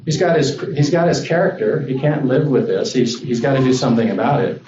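A man preaching a sermon to a congregation as a visiting speaker, in a relaxed, conversational way that rises when he voices the lines he quotes. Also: medium pitch, fairly quick, roomy sound, distant mic, muffled recording, a little hiss or hum. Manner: conversational, animated when voicing God. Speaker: guest preacher.

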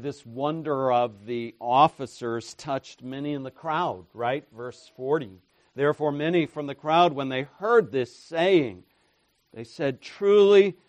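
A man preaching a sermon, dropping to quiet murmurs and rising to loud proclamations, with rhetorical questions and repeated refrains. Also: mid-range voice, no room sound.

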